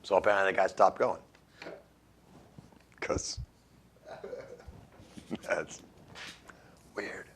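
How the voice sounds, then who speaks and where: A man's voice: low voice, fairly even intonation, very slow, long pauses, a bit bright, a little hiss or hum. A man hosting a radio show, reading odd news stories and making wry jokes about them, laughing at his own lines. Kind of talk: casual comedic news commentary.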